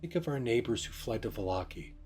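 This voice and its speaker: A man voicing a calm, measured young nobleman who speaks as a protective older brother in a tabletop game. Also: mid-range voice, voice pushed up, lightly acted. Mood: earnest.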